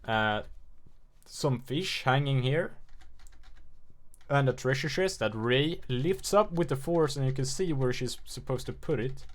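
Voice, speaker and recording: Brief: male commentator, mid-pitched voice, casual and rambling, self-deprecating, plenty of filler. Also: expressive, measured pace. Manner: rambling, offhand, self-mocking, heavy filler words. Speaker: gameplay trailer commentator.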